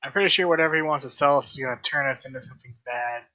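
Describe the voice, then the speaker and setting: A man's voice: mid-range voice, very fast, pushed and bright, rough recording. A man chatting casually as a player in a tabletop game, joking and swearing.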